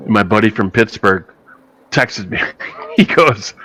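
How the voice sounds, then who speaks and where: A man's voice: on the low side, takes it slowly, pauses often, bright, forceful tone, a little hiss or hum, poor audio. A man hosting a casual chat, joking, swearing and telling stories. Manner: joking, swears, tells anecdotes. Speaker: podcast host.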